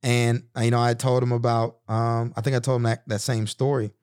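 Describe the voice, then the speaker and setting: A man's voice: mid-range voice, level tone, fairly quick, darkish tone, clean tone, dry recording. Earnest man in his thirties, dry. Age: 30s. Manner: earnest, reflective, conversational with many restarts. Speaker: podcast host. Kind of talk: personal storytelling monologue.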